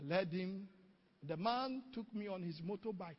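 A male pastor telling a testimony in an animated sermon, recorded dull and distant-sounding in a hall with long echo. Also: sits high, normal speed. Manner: storytelling, animated, exclaiming.

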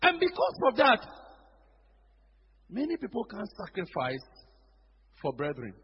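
Animated Ghanaian preacher in an echoey hall. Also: male voice, high-pitched, unhurried, husky. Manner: animated preaching, mimics congregants, mixes local phrases. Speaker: pastor. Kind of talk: sermon. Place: church hall. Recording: dull echoey church hall recording.

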